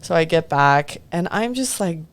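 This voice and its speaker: A woman's voice: fairly low pitch, lively intonation, moderate pace. A woman guest on a podcast, speaking casually and candidly about her past, swearing now and then and acting out what others said. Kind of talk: candid personal storytelling.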